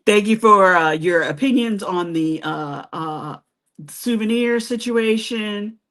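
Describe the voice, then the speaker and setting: A woman's voice: mid-range voice, slow pace, fairly bright tone. A woman hosting a live stream who chats casually with viewers and reads their comments. She is chatty, laughs often and teases herself. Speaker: host of a cruise travel channel.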